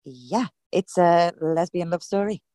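A woman playing a bossy production manager who speaks in a brisk, scolding way. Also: on the low side, steady tone, mellow, dry recording, studio quality, natural voice.

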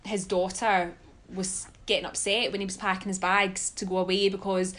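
A Scottish woman telling stories as a guest in a casual podcast chat, chatty and quick to laugh. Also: medium pitch, flat delivery, fairly bright tone. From Scotland. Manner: chatty storyteller, laughs often.

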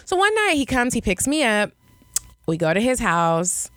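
A young woman sits at a close podcast mic and tells a story in loose, casual chat. Her speech is blunt and often profane. She acts out the people in it, and her pitch swings up and down. The sound is dry, with no room echo. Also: normal speed. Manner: animated, acts out voices in her stories with big pitch swings. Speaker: podcast co-host.

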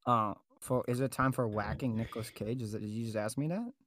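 A man's voice: mid-range voice, a little fast, fairly bright tone, a little hiss or hum. A man co-hosting a comedy podcast, talking in theatrical, melodramatic bursts. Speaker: podcast co-host.

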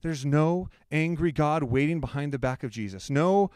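Pastor guy preaching, chatty and earnest, kinda high voice, dry close sound. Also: moderate pace, a little mellow, clear, resonant tone, no echo. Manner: conversational preaching, earnest with humorous asides. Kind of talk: sermon.

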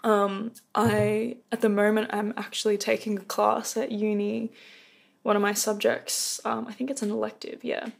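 A young woman hosts a casual rant podcast, speaking right into a close mic as she rambles through a story full of fillers and restarts. Her mid-pitched voice has a gravelly fry and a level tone at normal speed, and she pokes fun at herself throughout.

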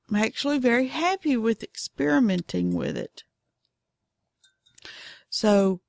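A woman's voice: medium pitch, creaky, a little mellow, no echo, studio quality. A middle-aged woman with a Southern US accent, hosting a knitting podcast in a chatty, folksy, drawling way. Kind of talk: casual podcast monologue.

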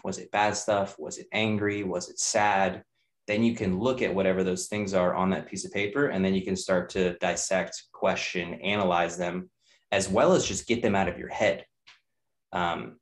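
A man's voice: sits low, fairly even intonation, unhurried. A young man, a nutrition coach and trainer, talking candidly on a podcast, swearing freely and building points in chains. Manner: candid, profane, repeats ideas in chains. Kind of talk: casual podcast talk.

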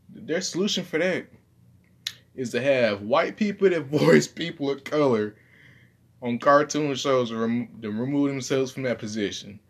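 A young man, rambling casually and profanely in a low-key, self-deprecating way. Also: a bit bright. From Southern United States. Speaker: vlogger.

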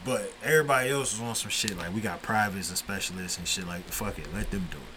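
A man's voice: low voice, fast talker, noisy background. A man hosting a podcast, telling stories in a laid-back, profane, casual way. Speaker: podcast host.

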